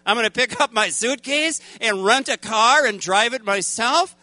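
Man, folksy storytelling preacher, bright tenor, dry mic. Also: extremely high pitch, moderate pace, no echo. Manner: animated, folksy, laughs often, acts out voices. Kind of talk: storytelling sermon.

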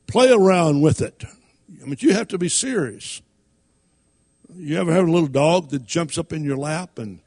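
A man preaching with a voice that sits a little high for a man. He reads scripture in King James wording and moves into folksy stories, swinging his pitch up and down as he teaches. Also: gravelly, slightly rough. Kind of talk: sermon.

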